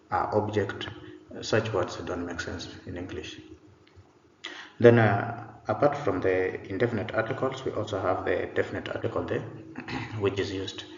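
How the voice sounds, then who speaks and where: A man teaching an online English pronunciation lesson, explaining patiently and repeating himself, with many "uh" fillers. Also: low-pitched. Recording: echoey room, dull lo-fi sound, faint noise.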